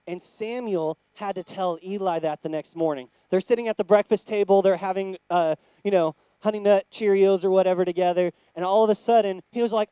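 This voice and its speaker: A man teaching a lively Bible lesson to young children in church, playful and excitable. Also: sits high, brisk, few pauses, clean tone, no room sound. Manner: excitable, playful, loud cheers.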